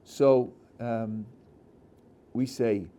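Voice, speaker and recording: A man's voice: mid-range voice, drawn-out words, a little hiss or hum. A man, a rabbi, teaching a class on religious texts and acting out vivid examples as he goes, often restarting his sentences. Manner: animated storyteller, acting out scenes, with frequent restarts. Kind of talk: Torah lecture with acted-out examples.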